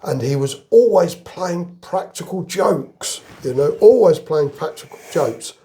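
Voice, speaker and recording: A man's voice: on the high side, animated, measured pace, dark tone. An older man from England, a retired army veteran, telling rambling anecdotes in a casual interview. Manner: rambling anecdotal storyteller, chuckles through jokes.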